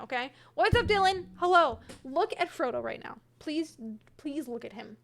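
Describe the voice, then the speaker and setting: Chatty high-voiced woman streaming a game. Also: lively intonation, moderate pace, creaky. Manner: chatty, hedging, answers chat by name. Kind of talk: casual gameplay chat, reading chat. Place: home room with her cat.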